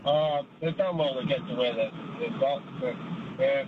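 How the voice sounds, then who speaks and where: A man's voice: on the high side, normal speed. A man calling into a radio quiz by phone, casual and hesitant. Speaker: caller. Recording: phone line with traffic noise.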